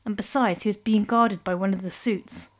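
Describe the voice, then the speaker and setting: A woman narrating a comic story in a measured, lightly humorous way. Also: medium pitch, steady tone. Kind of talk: scripted narration.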